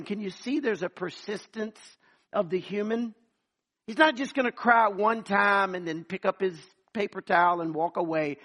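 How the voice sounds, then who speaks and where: High-voiced preaching man. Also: normal speed, a bit bright. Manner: preaching with acted-out voices and calls to the congregation. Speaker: pastor. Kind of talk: sermon.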